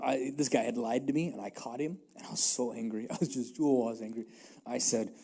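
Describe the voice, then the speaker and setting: A man's voice: a little high, vocal fry, a little mellow. A male pastor giving a conversational, self-deprecating sermon in a church, hammering home short repeated catchphrases. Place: church sanctuary.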